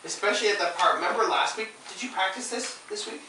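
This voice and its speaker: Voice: medium pitch, quick pace. Canadian drama teacher coaching in an echoey room. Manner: lively, demonstrative, encouraging. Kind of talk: coaching students at a reading rehearsal. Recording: very echoey room, mic far off, noisy.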